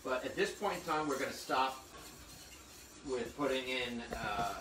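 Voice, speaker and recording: This cooking instructor, medium-pitched and expressive at a measured pace, talks remote phone viewers through every step of a live demo in a hot kitchen. The room echoes, his voice comes from a distance, and there's background noise.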